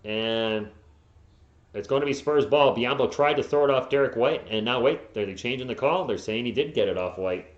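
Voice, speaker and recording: A man giving live play-by-play as a fan streamer, openly partisan and bursting into frustrated yelling at the players. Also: medium pitch, normal speed. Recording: echoey, dull lo-fi home mic.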